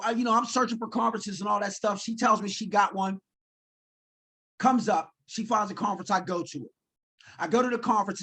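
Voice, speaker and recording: A man's voice: sits high, slightly rough. A man in his forties, telling his life story in a keynote talk and acting out his own lines. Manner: animated storyteller, acts out his own quotes. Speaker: keynote speaker.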